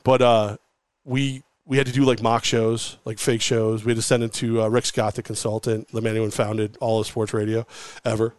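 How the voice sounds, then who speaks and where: A middle-aged man, a former sports radio host, telling animated, rambling stories as a guest in a casual interview. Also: lowish voice, normal speed, no echo. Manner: animated, rambling, heavy use of "like".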